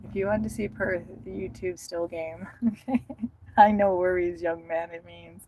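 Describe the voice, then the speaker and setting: A woman's voice: lowish voice, steady tone, measured pace. A middle-aged woman chatting casually to her live-stream viewers while she drives, rambling and laughing often. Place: inside a car on city roads. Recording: loud car and road noise.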